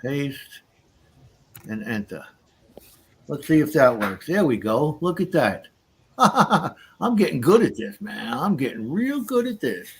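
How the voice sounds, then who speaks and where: Relaxed man hosting a live chat. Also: on the high side, slow, a little hiss or hum. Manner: relaxed, talks through what he is doing. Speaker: livestream host. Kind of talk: casual live chat while panning.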